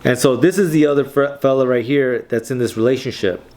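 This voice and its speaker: A man walks through comic panels in a loose, conversational way. He leans on slang and swearing and keeps tagging his points with a quick "right?". His voice sits at an ordinary middle pitch. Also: darkish tone. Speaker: comic book reading host. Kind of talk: casual commentary on comic panels.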